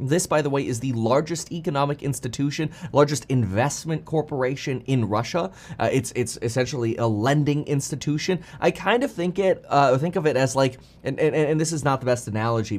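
A man giving casual, rambling news commentary, with restarts and chuckles. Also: mid-range voice.

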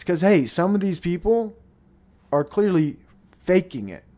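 A man's voice: sits high, sing-song, a little slow, dark tone. A man hosting his own show in a rambling, profane, blunt casual monologue. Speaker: podcast host.

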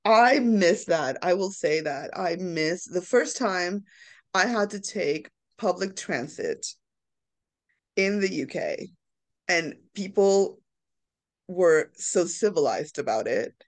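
A podcast co-host in their fifties in casual chat, an animated storyteller who quotes film scenes in put-on voices. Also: medium pitch, takes it slowly. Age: 50s.

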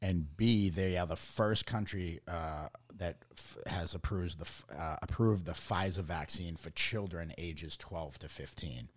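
A man's voice: low voice, measured pace, hardly any pauses. A man from Boston co-hosting a podcast, speaking in a laid-back, hesitant way with many fillers. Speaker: podcast co-host. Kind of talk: casual chat.

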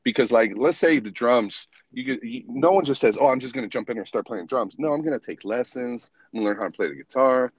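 Laid-back guy cursing a lot, mid pitch, kinda muffled lo-fi audio, dry. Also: fast, hardly any pauses, husky, no room sound. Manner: blunt, profane, laid-back. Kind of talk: casual podcast chat. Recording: dull dry lo-fi sound.

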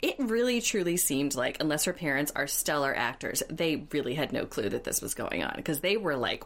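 A woman co-hosting a podcast in casual recap chat, animated and jokey, acting out quotes in playful voices. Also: deep voice, moderate pace, few pauses. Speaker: podcast co-host.

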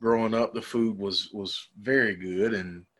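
A man from South Carolina with a Southern US accent, co-hosting a podcast in relaxed, halting chat. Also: on the low side. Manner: relaxed, halting, restarts often. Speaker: podcast co-host.

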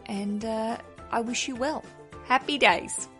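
A woman's voice: a little high, slow, pushed and bright, faint music behind. A woman hosting a wedding podcast, chatting in a bubbly, effusive way. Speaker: podcast host. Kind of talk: casual podcast chat.

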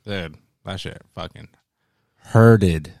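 A man's voice: medium pitch, big pitch swings, a little fast, no echo, studio quality. A young man co-hosting a casual live stream chat, joking, teasing and swearing freely. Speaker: stream co-host.

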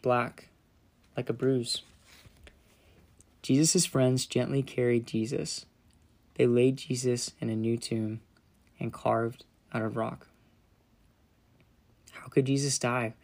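A gravelly, mid-range male voice narrates a children's Bible story. The telling is gentle and dramatic, softening whenever the moment becomes solemn.

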